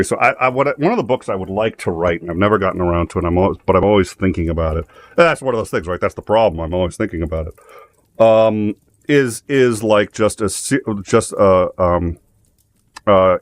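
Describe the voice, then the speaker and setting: A man hosting a casual chat show, telling jokes and stories in a rambling way with many restarts. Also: on the low side. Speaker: host.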